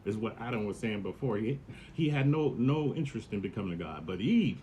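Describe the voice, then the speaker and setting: Profane, slangy podcast host, low voice. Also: male voice, a little fast, slight background noise. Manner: profane, slangy, animated retelling. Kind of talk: casual storytelling monologue.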